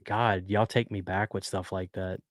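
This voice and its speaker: A man's voice: low voice, level tone, moderate pace, no echo, clean studio sound. A man hosting a casual live stream, earnestly chatting and reading viewer messages aloud. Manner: earnest, talkative, reads chat aloud.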